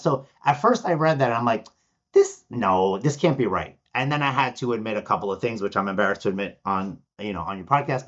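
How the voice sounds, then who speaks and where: A man from Argentina speaks as a podcast guest. He tells stories with energy and puts on the voices of the people he quotes. His voice sits at a middle pitch, and the recording sounds slightly dull. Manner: animated storyteller, acts out quoted voices. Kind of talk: podcast interview.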